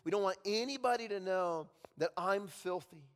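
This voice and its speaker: A male pastor preaching a sermon, telling stories and dropping at times to a hushed voice. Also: sits high, moderate pace. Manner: storytelling with sudden drops to a hushed voice. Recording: long reverb in a large hall.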